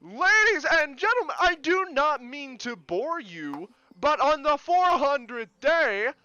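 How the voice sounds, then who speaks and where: A man's voice: extremely high pitch, very animated, slow, bright, forceful tone, dry recording, highs cut off, voice pushed up, heavily acted. A man voicing a pompous, long-winded older male town mayor in a tabletop game. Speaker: game master voicing a character.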